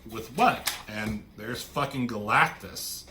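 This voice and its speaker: A man casually recapping a comic book, swearing freely and popping into quick voices for the characters. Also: lowish voice, pushed and bright, a little hiss or hum. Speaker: comic reviewer.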